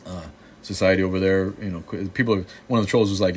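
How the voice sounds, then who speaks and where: A man's voice: low-pitched, steady tone, fast, darkish tone, slight background noise. A man hosting a livestream, talking casually while answering chat, rambling and sardonic with many restarts. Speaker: show host.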